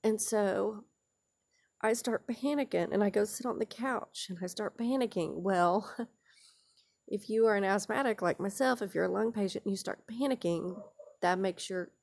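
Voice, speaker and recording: A woman's voice: medium pitch, moderate pace, creaky, darkish tone. A woman vlogger telling a raw, emotional personal story to camera, earnest and repeating key phrases for weight.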